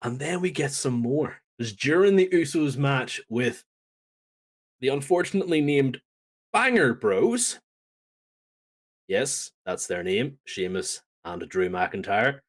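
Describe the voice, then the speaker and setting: Male podcast co-host, mid-range voice; animated, chatty storyteller who acts out the quotes. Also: medium pitch, slow. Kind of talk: casual wrestling recap chat.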